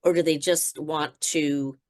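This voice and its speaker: A woman's voice: low-pitched, steady tone, a little slow. A woman trainer leading a group discussion in a conversational way, with many fillers, acting out example phrases.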